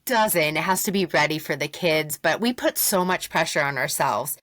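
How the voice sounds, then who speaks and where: Casting: woman in her thirties, lower voice with a wide swinging pitch, expressive and reassuring, dry sound. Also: normal speed, no echo. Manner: expressive, reassuring, laughs easily. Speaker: podcast co-host, teacher. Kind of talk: casual chat.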